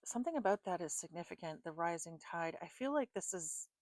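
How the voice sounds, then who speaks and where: A woman's voice: fairly low pitch, lively intonation, fairly quick, a little mellow, no room sound. A woman giving a casual tarot reading to her viewers, frustrated and swearing often, laughing at her own exasperation. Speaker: tarot reader.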